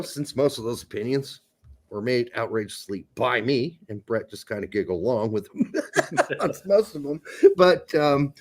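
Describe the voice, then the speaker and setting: Co-hosting a laid-back sports podcast, this man has a medium-pitched, expressive voice and a moderate pace. His takes are blunt and opinionated, laced with jokes and plenty of profanity.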